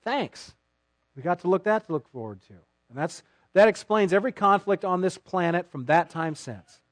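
Guy preaching a sermon, high voice, sarcastic, does little mock voices, dry close sound. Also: lively intonation, moderate pace, dry recording. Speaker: pastor.

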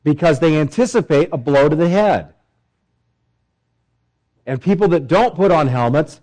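A male pastor delivering a sermon, emphatic, with swelling pitch and repeated phrases. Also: expressive, unhurried, long pauses, a little mellow, low-quality recording.

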